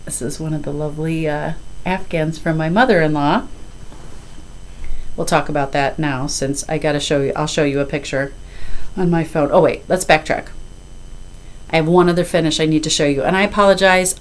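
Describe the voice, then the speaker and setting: A woman in her fifties, chatting casually to camera about her cross-stitch, rambling and often apologizing as she goes. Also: low-pitched.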